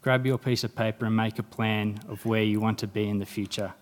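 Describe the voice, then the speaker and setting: A man's voice: lowish voice, brisk. A young man giving a motivational speech at a graduation ceremony, telling stories and acting out the dialogue in them. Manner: animated storytelling, acting out quoted dialogue. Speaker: guest speaker.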